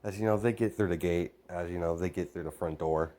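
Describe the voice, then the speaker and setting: Lowish male voice, rambling storyteller full of fillers, casual and unpolished. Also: fairly quick, dark tone. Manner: rambling, constant "you know" fillers. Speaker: fan story narrator. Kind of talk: improvised spoken storytelling.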